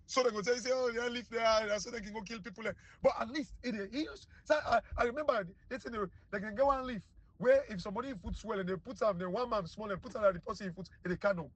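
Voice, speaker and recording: A man's voice: sits high, quick pace, dry recording. A man with a Sierra Leonean Krio accent giving heated, scornful political commentary that repeats itself. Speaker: online commentator.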